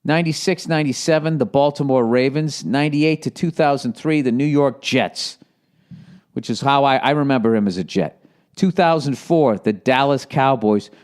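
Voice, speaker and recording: This podcast host is a man in his forties from Boston, speaking at medium pitch and normal speed. Alone on a casual show, he rambles profanely and sometimes yells in the style of a movie gangster.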